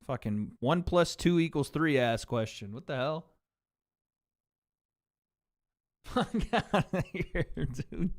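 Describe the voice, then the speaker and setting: A man's voice: on the high side, lively intonation, slow pace, long pauses. A man hosting a livestream watch party, riffing on chat in blunt, profane casual commentary. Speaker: livestream host.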